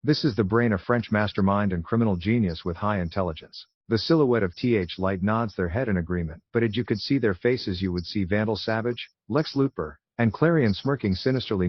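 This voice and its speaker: A low-voiced man narrates a fan fiction story in a plain, amateur reading, often tripping and restarting. The recording is dull and lo-fi, dry and close, with no room sound. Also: fairly quick, hardly any pauses, no room sound.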